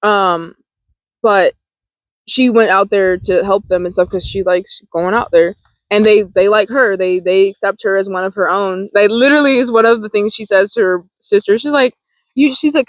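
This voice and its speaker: A woman's voice: mid-range voice, fairly even intonation, moderate pace, dry recording, poor audio. Rambling woman in her twenties, dry close mic. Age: 20s. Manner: rambling, many fillers and restarts, laughs often. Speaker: vlogger. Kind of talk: casual film discussion. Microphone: close desk mic.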